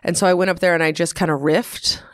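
A woman's voice: on the low side, steady tone, fast, dry recording, clean studio sound. A young adult woman, a stand-up comedian, chatting on a podcast and telling stories animatedly, laughing often and acting out her own past thoughts. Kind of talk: casual podcast chat.

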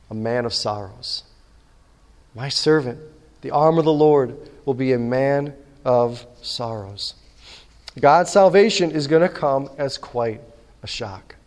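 A man's voice: a little high, a little mellow. A man preaching a sermon, telling stories animatedly and acting out the dialogue himself. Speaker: pastor. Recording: long hall reverb.

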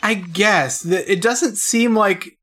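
A woman's voice: medium pitch, slow, very noisy. A woman in a casual podcast chat, making wry, incredulous remarks.

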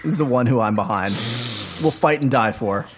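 A man's voice: mid-range voice, normal speed, over music. A man co-hosting a podcast in casual chat, making dry, teasing wisecracks. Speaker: podcast co-host.

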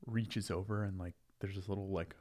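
A man's voice: sits low, steady tone, a little fast, a little mellow. A man speaking as a guest in a casual conversation, easygoing and thoughtful. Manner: thoughtful, easygoing, loose storyteller. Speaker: podcast guest.

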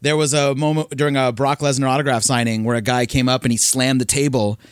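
A man's voice: mid-range voice, flat delivery, fast talker, smooth, dry recording, studio quality. A man hosting a podcast interview, chatting casually. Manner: casual, chatty, laughs along. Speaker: podcast host.

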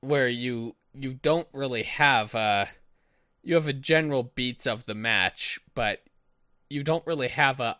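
A man's voice: mid-range voice, pushed and bright, no room sound, studio quality. A man co-hosting a podcast, thinking aloud in casual chat, asking questions and summing things up. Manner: slow, thinking aloud, asks questions and sums up. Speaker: podcast co-host.

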